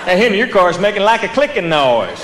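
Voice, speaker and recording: A man quoting a dim-witted, puzzled buddy in a slow, baffled drawl, on a live comedy stage with the audience laughing. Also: sits high, big pitch swings, roomy sound, noisy background.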